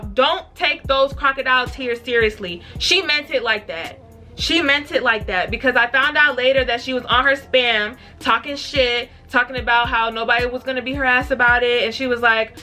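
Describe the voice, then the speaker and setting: A young woman vlogger telling a story in a blunt, profane and animated way. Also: on the high side. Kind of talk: casual storytime.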